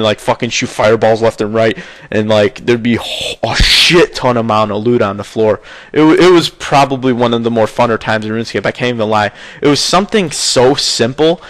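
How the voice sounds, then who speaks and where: A man's voice: fairly low pitch, no echo. A young man chatting casually about his gaming memories, rambling with lots of fillers and frequent swearing. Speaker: gaming video maker. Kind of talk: casual nostalgic gaming chat.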